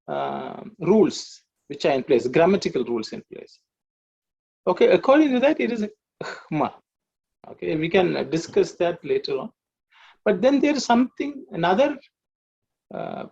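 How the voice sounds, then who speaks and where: A man with a somewhat high, gravelly voice lectures to an online class. He explains at length, pausing on fillers and correcting himself mid-sentence. The sound is muffled and lo-fi, like a video call. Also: a little mellow. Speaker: Sanskrit teacher.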